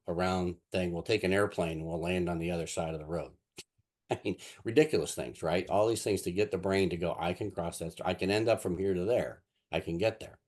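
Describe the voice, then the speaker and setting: A man with a very low voice talks through a casual lesson, drifting between examples and stories. He rambles, stacks fillers and restarts his sentences as he goes. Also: a little mellow. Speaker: NLP instructor. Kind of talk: casual teaching talk with anecdotes.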